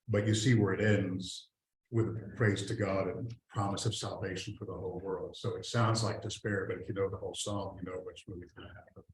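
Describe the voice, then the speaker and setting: Man teaching a church class in an echoey room. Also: fairly low pitch. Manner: conversational, reads scripture aloud, trails off and restarts. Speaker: adult Sunday school teacher. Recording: echoey room, faint hiss.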